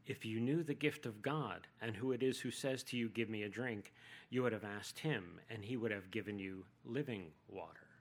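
A man's voice: lowish voice, normal speed, slightly rough, voice pushed down. A man voicing Jesus as a teacher who answers with probing questions, in a sermon retelling.

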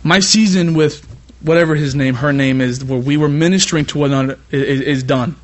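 A young man from California preaching a sermon as a youth pastor. He swings between animated preaching and chatty personal asides, full of repeated "you know.". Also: mid-range voice, fast talker. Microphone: iPad.

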